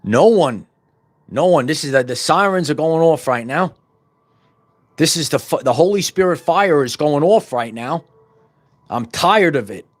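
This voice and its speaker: Speaking at a fairly high pitch, a middle-aged podcast host pours out a fervent spiritual monologue. He is animated yet unhurried, pausing often, repeating himself, stumbling into restarts, and breaking into loud bursts.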